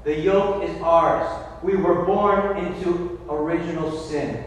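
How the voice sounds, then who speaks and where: A man preaching a homily as a Catholic priest, telling a story with restarts and slowing down for emphasis. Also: fairly high pitch, fairly even intonation, muffled recording. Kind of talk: sermon. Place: church. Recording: echoey church from far off.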